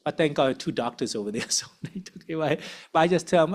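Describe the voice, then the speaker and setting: A man's voice: a little high, expressive, fast talker, few pauses. A man leading a church parenting workshop in casual group discussion, conversational and always asking "right?". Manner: conversational, frequent tag questions. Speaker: uncle.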